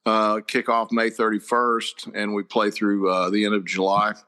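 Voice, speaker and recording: An older man, a head football coach, telling stories in a casual chat, with a lively, laughing manner. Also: lowish voice, normal speed. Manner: animated, laughing storyteller.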